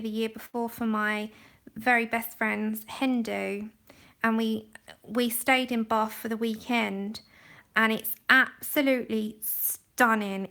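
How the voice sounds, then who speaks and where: On a phone-recorded livestream, a woman from London colours while chatting and rambling, laughing a lot along the way. She has a London accent and a gravelly, fairly bright voice on the high side.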